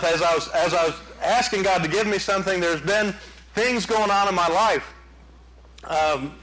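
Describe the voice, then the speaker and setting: A man preaching a sermon, telling folksy stories in an animated way. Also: on the high side, poor audio. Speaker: pastor.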